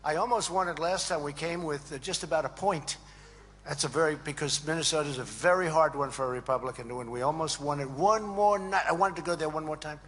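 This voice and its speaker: A man's voice: on the high side, fairly quick, fairly bright tone. A man giving a rambling, emphatic rally speech to a crowd, repeating phrases and acting out quoted dialogue. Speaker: speaker at a political event. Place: large event hall.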